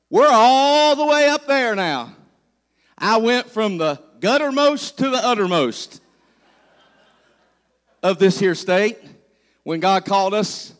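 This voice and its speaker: Folksy high-voiced pastor with a southern West Virginia accent. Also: male voice, a bit bright. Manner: folksy storytelling, playful asides to the congregation. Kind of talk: humorous sermon. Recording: reverberant church hall.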